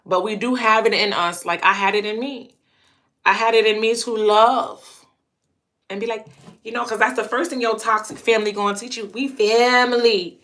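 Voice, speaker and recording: A woman's voice: on the high side, steady tone, normal speed, fairly bright tone. A woman hosting her own channel, telling a personal story in a casual monologue, hammering home her points by repeating phrases. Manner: emphatic, repeats phrases for punch. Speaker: channel host.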